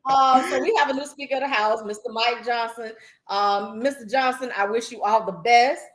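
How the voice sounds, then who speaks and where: A woman co-hosting a casual talk podcast, expressive and quick to laugh. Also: a little high. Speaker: co-host.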